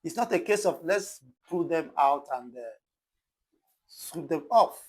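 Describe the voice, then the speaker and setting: A man hosts a news commentary, speaking deliberately and stressing key words as he explains terms. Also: a little high, expressive, a little mellow, slightly rough, rough recording. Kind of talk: commentary monologue.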